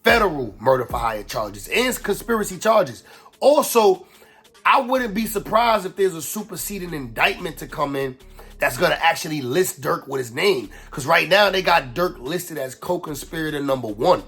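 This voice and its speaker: Sick, gravelly-voiced man talking street news. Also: fairly high pitch, expressive, normal speed, pushed and bright, soft background music. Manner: blunt street slang, frequent "bro". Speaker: rap news commentator. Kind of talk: casual commentary. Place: home setup in the Bronx.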